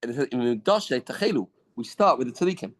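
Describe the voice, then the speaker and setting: Man, Talmud teacher, lively lecture, mixes Hebrew and Yiddish terms, mid-pitched voice, study hall. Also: quick pace.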